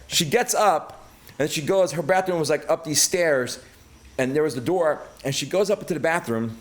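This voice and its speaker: A man's voice: fairly high pitch, normal speed. A middle-aged man from Brooklyn, telling stories as a podcast guest, full of swearing and acted-out quotes. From Brooklyn, New York. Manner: profane, animated storyteller acting out quotes. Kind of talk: casual storytelling.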